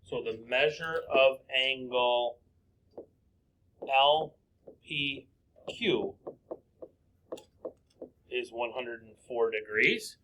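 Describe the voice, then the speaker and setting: A man's voice: mid-range voice, drawn-out words, long pauses, pushed and bright. A man teaching a recorded math lesson, working through problems step by step and asking himself questions aloud before answering them.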